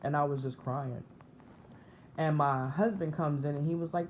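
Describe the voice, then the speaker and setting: A woman's voice: low-pitched, fairly even intonation, moderate pace, slight background noise. A woman in her thirties telling her spiritual awakening story in a vlog, earnest and emotional, often restarting and repeating herself. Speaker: vlogger sharing a spiritual testimony. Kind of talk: personal storytelling to camera.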